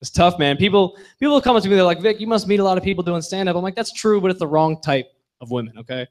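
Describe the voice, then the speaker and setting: A young man doing a stand-up comedy set on a bar stage, with punchy deadpan delivery that drops low for asides. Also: quick pace.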